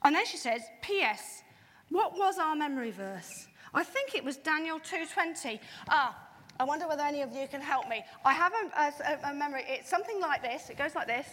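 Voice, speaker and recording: Playful children's leader, woman, high voice, echoey hall. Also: brisk. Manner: lively, playful, asks the kids questions. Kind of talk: retelling a Bible story to children. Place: large church hall.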